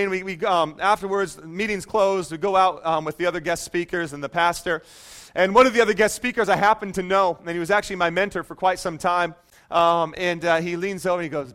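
A man preaching a sermon, telling stories in an animated, self-mocking way with joking asides. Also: high-pitched, brisk.

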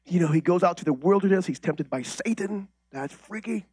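A man preaches a sermon in a high, husky voice, moving between booming declarations and near-whispered asides. He talks conversationally, tossing out rhetorical questions and restarting his sentences. The sound is dry and close. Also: fairly quick, dry recording. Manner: animated, swings from loud declarations to quiet intimate asides. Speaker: pastor.

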